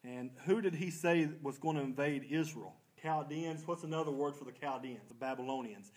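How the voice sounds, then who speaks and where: A man's voice: a little high, moderate pace, rough recording. A man leading a church Bible study, folksy and self-deprecating, quizzing the class and answering his own questions.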